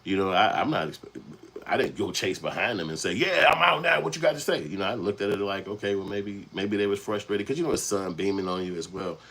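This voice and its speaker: A channel host from Chicago's South Side, an adult past young adulthood, tells a rambling, profane story in casual street talk. His voice is deep, steady, and brisk, and the recording is rough.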